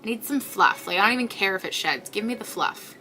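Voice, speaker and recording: A woman's voice: mid-range voice, expressive, quick pace, bright, forceful tone, slight background noise. A woman hosting a crochet livestream, chatting casually with viewers in a rambling way with many fillers, tired and yawning. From Canada.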